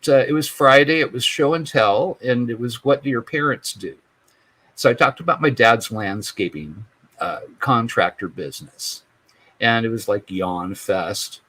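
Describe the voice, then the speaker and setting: A man's voice: medium pitch, fairly bright tone, low-quality recording. Chuckling older man telling a long story. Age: 60s. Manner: rambling, chuckling, lots of restarts and fillers. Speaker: podcast guest, UFO investigator. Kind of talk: casual storytelling in conversation.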